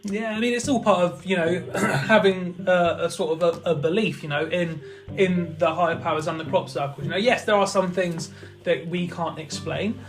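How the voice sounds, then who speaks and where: A man with a fairly high voice hosts a podcast. He hesitates with fillers in chat but reads his sign-off smoothly. Faint music sits underneath. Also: steady tone, normal speed. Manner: hesitant, filler-heavy in chat, smooth when reading the outro. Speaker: podcast host. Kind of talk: casual chat and scripted sign-off.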